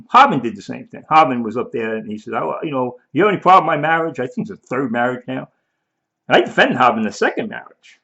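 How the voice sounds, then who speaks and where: Heard on dull lo-fi audio, a man with a medium-pitched, fairly bright voice rambles through emphatic video commentary. He keeps repeating and restarting, and he mock-quotes the people he's arguing against.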